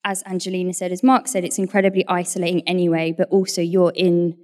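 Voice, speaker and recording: A woman with a slightly low voice hosts a live event. She reads out a guest introduction, then shifts into relaxed, informal talk about editing the podcast. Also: fast. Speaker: event host.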